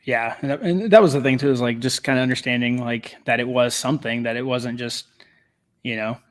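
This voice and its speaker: A middle-aged man guesting on a podcast tells a story in a relaxed, casual way, his pitch sitting in an ordinary middle range. He talks a little fast, animated and chatty, laughing and scattering fillers throughout.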